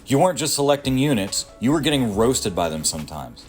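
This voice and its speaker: A man's voice: mid-range voice, very animated, fairly quick, soft background music. A man in his thirties reading a scripted video essay about strategy games, sardonic and crude, with punchy asides. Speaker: gaming video creator.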